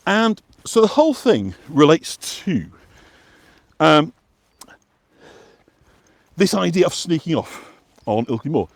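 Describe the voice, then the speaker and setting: A walking guide and vlog host from West Yorkshire, England, talks casually as he walks an outdoor path, rambling with many fillers and restarts. His voice sits a little high with big pitch swings and some vocal fry. He takes it slowly and pauses often, recorded dry and close with no room sound.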